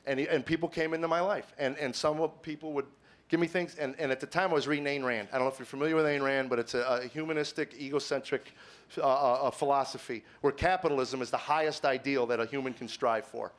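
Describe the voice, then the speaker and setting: A man's voice: medium pitch, fairly even intonation, fast talker. Earnest middle-aged man telling a stage story. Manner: earnest, stammers with repeated words, swings from quiet musing to emphatic preaching. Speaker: comedian. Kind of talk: confessional stand-up storytelling. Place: stage before a live audience.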